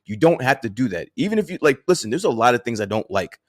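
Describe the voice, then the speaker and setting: A man's voice: mid-range voice, very animated, quick pace, dry recording, clean studio sound. A man co-hosting a casual podcast chat, talking bluntly and heatedly, often repeating words as he pushes a point. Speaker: podcast co-host.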